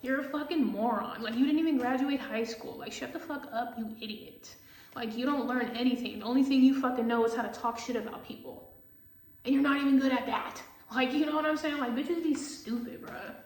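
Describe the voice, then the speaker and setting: A woman's voice: high-pitched, fairly quick, darkish tone, reverberant, a little hiss or hum, rough recording. A woman tarot reader ranting casually, profane and scornful, mocking people she disagrees with in quoted voices.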